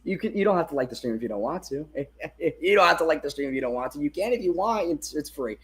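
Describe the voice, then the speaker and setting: A fast-talking man with a high voice streams as a fan, calling a game live into a handheld phone in an excited sports watch-along. Easily worked up and quick to curse, he alternates between hyped yelling and low, muttered side comments.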